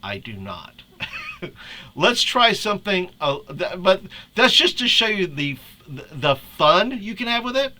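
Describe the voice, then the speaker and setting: A man's voice: sits high, animated, unhurried, sharp tone, a little hiss or hum. A man leading a casual tutorial for youth ministry leaders, chatty and laughing often as he restarts his sentences. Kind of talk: casual screen-share tutorial.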